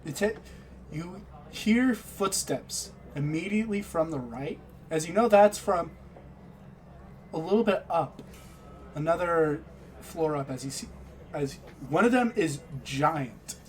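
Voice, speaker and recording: Guy with a highish voice running a dnd session, laid back, little bit of background hiss. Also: lively intonation, takes it slowly. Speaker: game master. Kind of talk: narrating a tabletop game.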